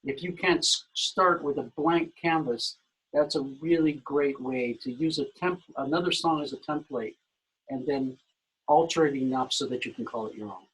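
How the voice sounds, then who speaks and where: Husky man explaining songwriting. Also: a little high, normal speed, a bit bright, low-quality recording. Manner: explanatory, loose, many "you know" fillers. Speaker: musical director, guest expert. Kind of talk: webinar talk on songwriting. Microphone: video call.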